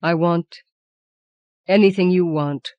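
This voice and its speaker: A woman's voice: fairly low pitch, fairly even intonation, slow, darkish tone, dry recording. A woman reading the lines of a weary, evasive middle-aged husband in an audiobook, hesitant and pleading.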